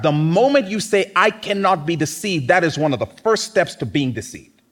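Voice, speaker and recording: A man's voice: a little high, expressive, normal speed. A man preaching a sermon in a conversational, teasing way, often acting out mocking quotes.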